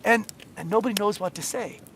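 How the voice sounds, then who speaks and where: A man with a high, bright voice telling a long story in casual talk. He rambles on with plenty of asides and restarts. His tone is clear and tense. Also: brisk, a little hiss or hum. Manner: rambling, many fillers and asides. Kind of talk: casual anecdote told to a listener.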